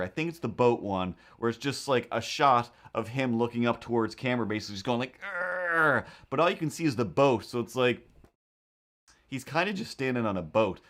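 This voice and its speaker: Animated man telling a rambling story. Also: medium pitch. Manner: animated, acts out quoted voices, rambling asides. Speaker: live-stream host and cartoonist. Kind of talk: casual storytelling on a drawing live stream.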